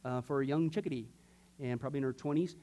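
A middle-aged pastor with a medium-pitched voice talks fast while teaching a sermon-style discipleship class. He tells personal stories full of jokes, asides and fillers, and acts out quoted voices that range from loud to nearly a whisper.

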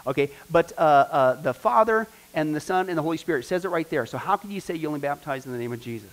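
A middle-aged man, a pastor, teaching a discipleship class in a lively, conversational way and asking the class questions. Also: a little high, quick pace.

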